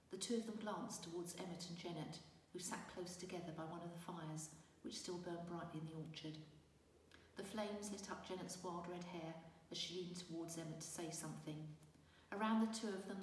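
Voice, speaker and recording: A woman narrating a fantasy storybook in a measured, gentle reading. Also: lowish voice, a little hiss or hum. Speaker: audiobook narrator. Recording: roomy distant reverberant recording with faint ambience.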